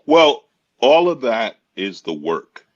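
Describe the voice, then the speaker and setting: A man's voice: mid-range voice, takes it slowly, dull audio. A man, a comedian guest on a podcast, talking casually and telling stories, acting out what people said in a raised voice. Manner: animated storyteller, acts out quotes in raised voice.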